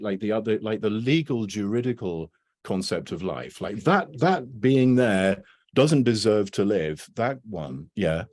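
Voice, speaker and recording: Here a man with a somewhat low, slightly mellow voice gives an informal academic talk by video call. As the lecturer rambles, he keeps tacking "right?" and "you know" onto his points.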